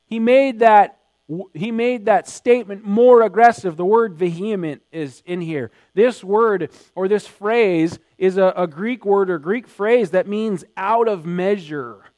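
A man preaching a sermon, emphatic, building to loud acted quotes. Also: high-pitched, unhurried, dry recording. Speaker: pastor.

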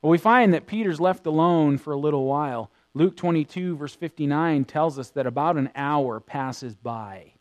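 Preacher, man, fairly high voice, animated sermon delivery, loud to hushed swings. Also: normal speed, hardly any pauses, dull audio. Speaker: pastor.

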